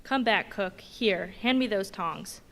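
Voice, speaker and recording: A woman reading the lines of a domineering male ship's mate in a brisk, bossy questioning manner. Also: mid-range voice, vocal fry, fairly bright tone. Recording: long reverb in a big hall.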